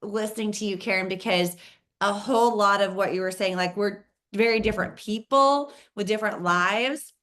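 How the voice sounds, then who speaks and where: A woman's voice: mid-range voice, moderate pace, fairly bright tone. A woman hosting a team training call, chatty and enthusiastic, speaking directly to the group. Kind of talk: casual coaching chat.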